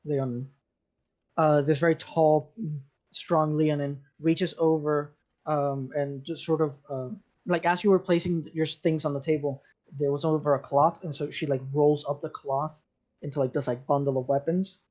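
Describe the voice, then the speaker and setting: A man's voice: a little high, fairly even intonation, darkish tone. A man narrating as game master for a tabletop role-playing game, loose and full of fillers. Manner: slow, loose narration with many fillers and restarts.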